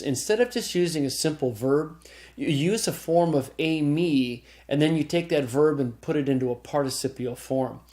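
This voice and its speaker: In this recorded classroom lecture, a man with a mid-range, slightly mellow voice teaches Greek grammar. He explains things step by step, often restarting his sentences and checking in with his students by asking "okay?"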